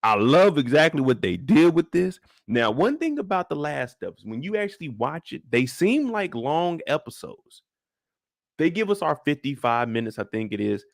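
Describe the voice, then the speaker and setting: A man's voice: a little high, sing-song, normal speed, gravelly, dry recording, clean studio sound. A man in his thirties hosting a live stream, chatting loosely in slang and greeting viewers by name. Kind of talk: casual live-stream review chat.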